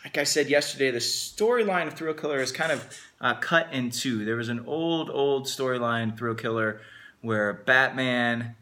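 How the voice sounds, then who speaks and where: A man's voice: medium pitch, normal speed, sharp tone, slight background noise. A man hosting a casual unboxing video, talking with upbeat enthusiasm. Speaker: host.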